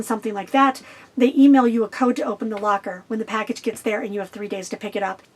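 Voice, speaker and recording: A middle-aged woman vlogger answering viewer questions about her life on the road, talking fast and getting straight to the point. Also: fairly high pitch. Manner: fast, to-the-point talker who cuts out filler. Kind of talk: casual direct-to-camera Q&A.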